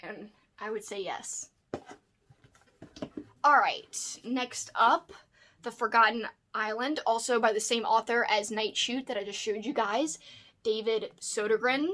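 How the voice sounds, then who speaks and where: A woman chatting to the camera at home, bubbly and excitable, showing off new books and talking to her dog between them. She speaks casually, like a book vlogger. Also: a little high, a little slow. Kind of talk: casual unboxing chat to camera.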